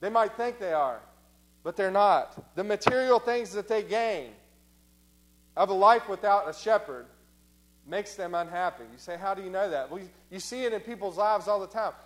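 A man preaching a sermon. He repeats phrases for emphasis, slows down on key lines, and voices the objections of imagined listeners. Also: high voice.

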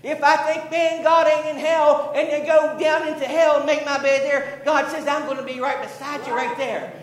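A male pastor preaching a sermon, building to emphatic, drawn-out declarations. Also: extremely high pitch, level tone, roomy sound, rough recording. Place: church sanctuary.

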